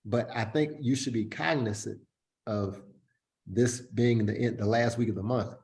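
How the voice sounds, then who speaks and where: A man's voice: medium pitch, a little slow, a little mellow. A man hosting a casual market analysis chat, talking in a hesitant way with lots of fillers and restarts.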